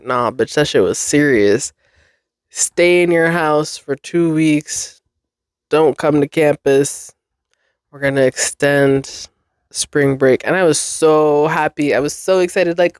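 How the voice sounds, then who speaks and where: Speaking slowly in a low voice, a female podcast host in her twenties rambles on her own, putting herself down, cursing and laughing a lot. It's studio quality with no echo.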